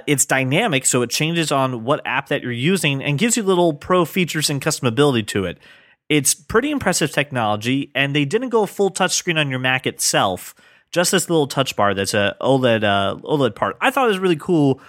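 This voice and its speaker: A man's voice: mid-range voice, fairly bright tone, dry recording, clean studio sound. A man hosting a casual podcast tech segment, eagerly explaining things.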